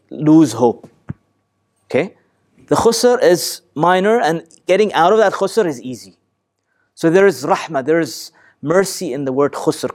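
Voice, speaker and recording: A man teaching a Quran class, talking in a lively, emphatic way, asking his students questions and reciting Arabic verses quickly. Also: high-pitched. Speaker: Islamic teacher.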